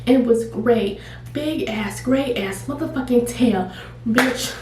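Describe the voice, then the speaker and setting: A woman YouTuber telling a casual storytime, animated and profane, laughing often. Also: a little high, takes it slowly. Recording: echoey room, distant mic, faint noise.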